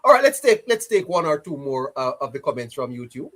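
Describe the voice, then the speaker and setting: A man hosting a live stream, upbeat and quick to laugh in casual chat. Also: mid-range voice. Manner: lively, laughs often, upbeat.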